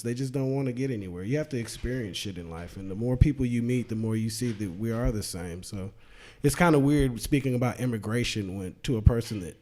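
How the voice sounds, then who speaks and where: A man's voice: on the low side, mellow. A man, a comedian guest, speaking bluntly and loosely with profanity in a casual panel discussion.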